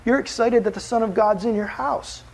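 A man voicing a calm, gentle male teacher who speaks softly and slowly. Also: very high voice, pitched above the performer's own voice. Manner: soft, slow and tender.

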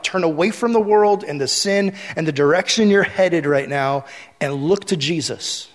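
A man's voice: high-pitched, moderate pace. Conversational male preacher in reverb. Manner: conversational preaching, drops to soft earnest tones. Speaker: pastor. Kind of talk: sermon.

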